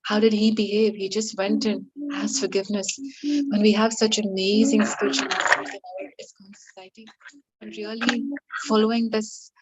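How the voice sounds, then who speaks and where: A woman's voice: medium pitch, steady tone, normal speed. A woman participant telling a story in a rambling, hesitant way full of fillers. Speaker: session participant. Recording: noisy line with clicks.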